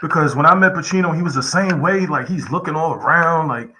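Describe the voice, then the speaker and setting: A man's voice: on the high side, fairly quick, pushed and bright, slight background noise. A man co-hosting a live podcast, eagerly sharing his own story in casual chat.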